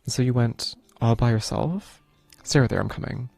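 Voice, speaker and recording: A man's voice: mid-range voice, moderate pace, vocal fry, darkish tone, husky, no echo. A man voicing the male Grim Reaper in a video game, a protective and brooding figure who speaks in formal, earnest sentences. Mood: worried.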